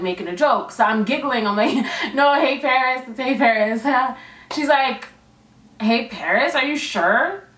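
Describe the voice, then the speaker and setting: Animated young woman vlogger, echoey room. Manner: animated, acts out voices with big pitch jumps. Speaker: beauty vlogger. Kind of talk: casual storytime. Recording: echoey room, a bit far from mic.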